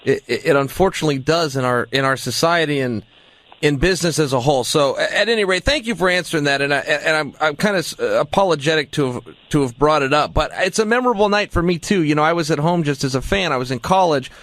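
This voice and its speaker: A man's voice: a little high, animated, quick pace, fairly bright tone, no room sound. A man interviewing a guest, phrasing carefully with hesitant repeats. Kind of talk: podcast interview.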